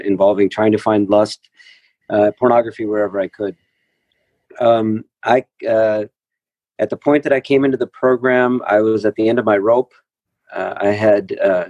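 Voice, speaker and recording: A man telling his story at a recovery group meeting, halting, with many fillers and restarts. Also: on the low side, a little mellow, no room sound, lo-fi sound. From Texas. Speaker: speaker sharing at a recovery meeting. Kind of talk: personal recovery share. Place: meeting room.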